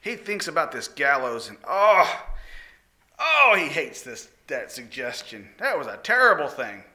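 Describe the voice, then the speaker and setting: Folksy storytelling man, bright and lively delivery, sermon setting. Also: on the high side, measured pace. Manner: animated, folksy retelling with exclamations.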